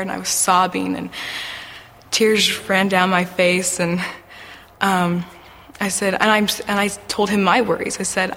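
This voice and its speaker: A woman giving an earnest, emotional personal faith testimony, halting now and then with fillers. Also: mid-range voice, level tone, creaky, a bit bright, long reverb tail, slight background noise. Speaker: testimony speaker.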